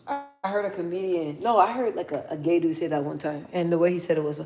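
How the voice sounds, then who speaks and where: A young woman chatting casually on a livestream, slangy and relaxed as she talks to her viewers and her dog. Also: on the low side, brisk, a little hiss or hum. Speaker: livestream host.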